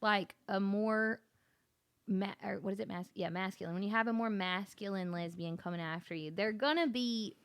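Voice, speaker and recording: A woman's voice: medium pitch, normal speed, fairly bright tone, clear, resonant tone. Chatty woman telling a rambling story. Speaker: podcast guest. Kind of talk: casual chat.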